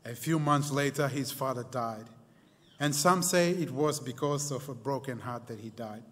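A man preaching a sermon, telling a story dramatically and slowing down and going quiet on key lines. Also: mid-range voice. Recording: long hall reverb.

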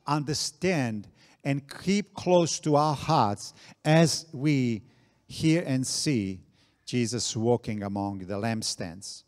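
A man preaching a sermon, slow and deliberate, repeating key phrases for emphasis. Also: mid-range voice, darkish tone. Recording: long reverb of a large hall.

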